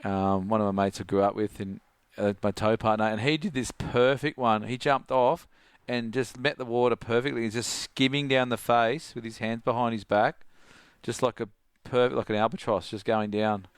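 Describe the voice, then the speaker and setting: A middle-aged Australian man, a surf coach, telling a story in casual chat, animated and laughing, full of "like". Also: medium pitch, normal speed, clear, resonant tone, no room sound, studio quality. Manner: animated, laughing, heavy use of "like".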